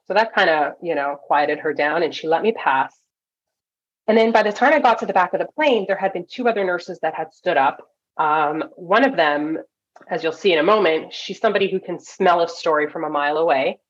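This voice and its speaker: A woman from Toronto, a nurse coach, telling a story as a podcast guest, animated and full of quick asides. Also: fairly low pitch, breathy edge. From Toronto, Canada. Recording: dull lo-fi audio.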